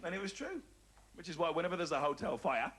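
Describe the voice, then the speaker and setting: A man from the English Midlands doing stand-up, telling stories in an animated way and slipping into voices. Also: on the high side, fast, very noisy. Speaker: stand-up comedian. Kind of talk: stand-up storytelling.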